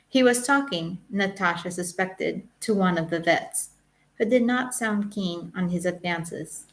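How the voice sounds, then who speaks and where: A woman reading her own travel memoir aloud in a wry, measured storytelling manner. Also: on the low side. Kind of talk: audiobook memoir narration.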